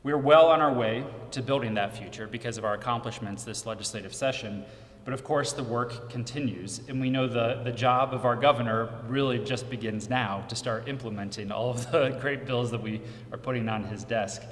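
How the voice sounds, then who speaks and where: A man of middle pitch delivers an earnest prepared speech as a legislative leader, leaning on repeated phrases. The room is roomy, and a long reverb hangs behind his words. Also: fairly quick. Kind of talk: prepared press conference speech. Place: large echoey press room.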